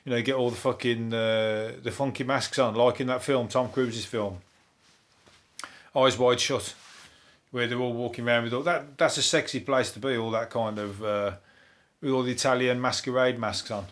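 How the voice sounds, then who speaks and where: A man, a comedian hosting a topical comedy podcast, ranting in a rambling, sweary, deadpan way. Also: mid-range voice, moderate pace. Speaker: comedian host.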